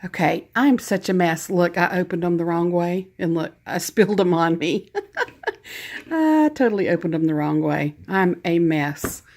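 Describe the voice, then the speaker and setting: A woman's voice: on the low side, animated, normal speed, hardly any pauses, darkish tone. A woman with a Southern US accent chatting casually as she opens a craft gift package, gushing and laughing at herself. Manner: gushing, self-deprecating, chatty. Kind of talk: casual unboxing chat.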